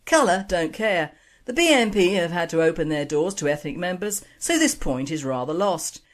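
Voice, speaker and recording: A woman's voice: lowish voice, expressive, moderate pace. A woman hosting an online radio show, reading opinionated scripted commentary and jokes. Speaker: radio host.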